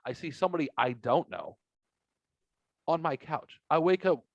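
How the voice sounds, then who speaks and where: In a slightly high voice at normal speed, a man hosting a podcast delivers a long, profane story in a loose, rambling, animated way. No room sound comes through, and the lo-fi audio is dry and dull.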